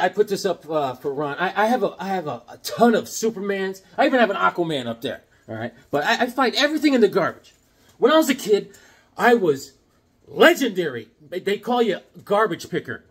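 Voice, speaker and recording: Animated husky-voiced man telling stories. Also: high-pitched. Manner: animated, acts out voices of people in his stories. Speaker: comic book vlogger. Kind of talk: casual rambling storytelling.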